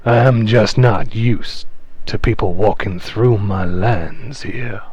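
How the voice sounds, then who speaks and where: A polished, falsely courteous male construct speaks slowly and deliberately, as a game master puts him on. His voice sits a little higher than normal and is controlled throughout. The recording is close and dry. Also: darkish tone, husky, dry recording, lo-fi sound. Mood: polite, cold. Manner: formal, unhurried, falsely polite.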